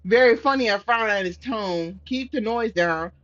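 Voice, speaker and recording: On the high side and at a normal speed, a woman gaming streamer voices a story game aloud. She stays animated, swearing and erupting in loud outraged outbursts. The recording is a little muffled, with quiet game music behind her.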